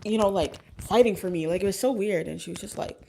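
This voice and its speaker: A woman's voice: mid-range voice, quick pace, gravelly, dark tone. A woman telling a personal story in a casual, rambling way, with many fillers and restarts. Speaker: vlogger.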